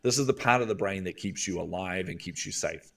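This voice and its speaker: A man with a New Zealand accent, a guest coach telling stories in an interview and acting out inner voices with drawn-out pauses. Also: deep voice, vocal fry, distant mic. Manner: animated, acts out inner voices with drawn-out "hmm". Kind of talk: storytelling interview talk.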